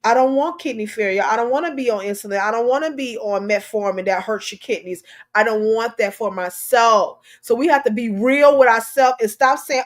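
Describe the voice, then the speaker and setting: Woman, middle-aged, talk host, fervent preaching commentary, repeats her points, high voice. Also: a little fast, few pauses. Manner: preachy, impassioned, repeats herself. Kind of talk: emotional commentary on a news story.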